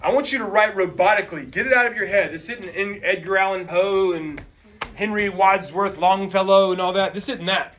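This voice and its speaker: A male teacher giving an energetic, slangy classroom lecture and calling on students. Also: high-pitched, fairly quick, distant mic, slight background noise. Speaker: high school history teacher.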